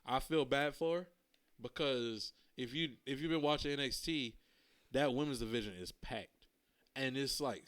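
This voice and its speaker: A man's voice: mid-range voice, a bit bright, clear, resonant tone. Male podcast co-host, casual and rambling, mid-range voice, easygoing slang. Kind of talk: casual wrestling chat.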